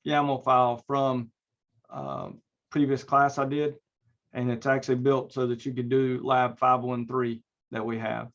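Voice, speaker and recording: Male instructor, mid-pitched, loose filler-heavy delivery, dull lo-fi computer-mic sound. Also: creaky. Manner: casual, rambling, many fillers and restarts. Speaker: networking instructor. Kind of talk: recorded online class lecture with screen share.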